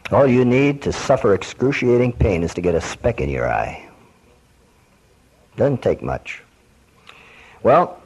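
A man's voice: fairly low pitch, a little mellow, slightly rough, low-quality recording. A man preaching a sermon, quoting scripture and questioning his listeners.

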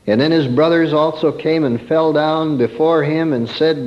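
A man preaching a sermon in a storytelling way, swinging from emphatic peaks to soft, quiet asides. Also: fairly high pitch, moderate pace, hardly any pauses, highs cut off.

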